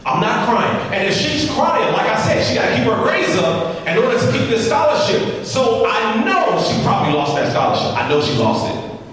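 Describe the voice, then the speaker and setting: A man's voice: high voice, very animated, normal speed, fairly bright tone. A man giving a humorous, repetitive storytelling speech, talking straight to the audience, heard from far off in a large hall. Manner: humorous, repetitive, addresses the crowd directly. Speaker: motivational speaker.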